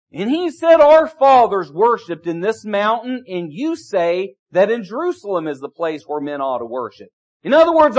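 A man preaching a sermon, repeating key phrases and asking the congregation rhetorical questions. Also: very high voice. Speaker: pastor. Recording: dull lo-fi recording.

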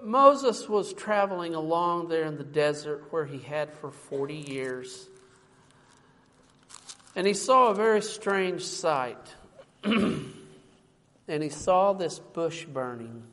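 A man's voice: a little high, animated, takes it slowly, long pauses, a bit bright. A man preaching a sermon in a church, emphatic and fond of rhetorical questions, calling his listeners folks. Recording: long reverb from a large hall.

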